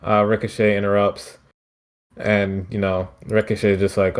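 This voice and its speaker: A man's voice: on the low side, little pitch movement, normal speed. Man, from Philadelphia, podcast host, casual chat, loose profane storyteller. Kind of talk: casual wrestling recap chat.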